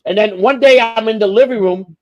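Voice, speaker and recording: A man's voice: high-pitched, a little fast, a little mellow. Man swearing through a rambling story. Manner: profane, rambling storyteller with frequent restarts. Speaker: livestream host. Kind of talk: casual storytelling on a livestream.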